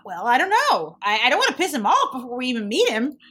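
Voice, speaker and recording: A woman's voice: sits high, wildly swooping pitch, fast, bright, forceful tone, breathy edge. A woman playing a tabletop game, talking cautiously and with some hesitation. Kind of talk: casual tabletop play.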